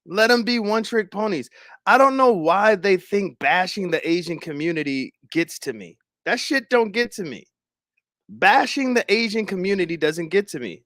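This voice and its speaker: A young man hosting a livestream, chatting casually with viewers, animated and swearing, often laughing. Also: high voice, normal speed, dry recording, clean studio sound. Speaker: livestream host. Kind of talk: casual stream chat.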